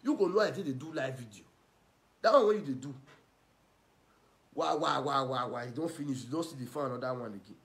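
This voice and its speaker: A man with a Nigerian Pidgin accent giving ranting, mocking gossip commentary, scolding and swinging between loud and soft. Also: mid-range voice, animated, fast talker. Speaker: online commentator.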